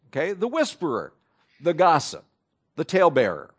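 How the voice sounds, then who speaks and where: A man preaching a sermon with a fairly high voice that swings widely up and down. He talks conversationally and keeps asking his listeners questions as he works through scripture. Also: big pitch swings, a little slow.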